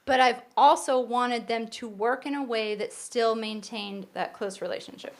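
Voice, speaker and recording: A middle-aged woman co-hosting a casual podcast talks at normal speed in a slightly high voice, laying out her views earnestly and at length. She frequently restarts her sentences, and there's a little background noise.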